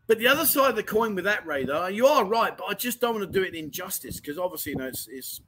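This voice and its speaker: A man chats his way through viewer comments on a home livestream, matey and loose. His voice is bright and forceful and sits a little high. A faint hiss runs underneath. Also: big pitch swings, fast, low-quality recording. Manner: chatty and matey, keeps calling people mate. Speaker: livestream chat show host. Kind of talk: casual livestream chat reading viewer comments. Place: home in Pattaya.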